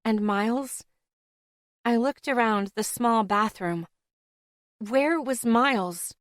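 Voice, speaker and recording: A woman reading a first-person audiobook in a steady, expressive way. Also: fairly high pitch, slow pace, no room sound, studio quality. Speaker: audiobook narrator.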